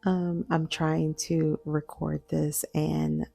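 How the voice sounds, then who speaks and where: Female podcast host, 40s: hushed, reflective late-night talk, dark mellow tone, unhurried. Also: low-pitched, level tone, creaky, no room sound, soft background music. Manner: hushed, half-whispering, slow and reflective. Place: home at night.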